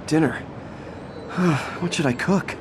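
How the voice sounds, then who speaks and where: An upbeat, chatty young hero with a fairly high voice. City traffic noise hums clearly behind his game dialogue. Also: takes it slowly. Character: young male hero, friendly and earnest.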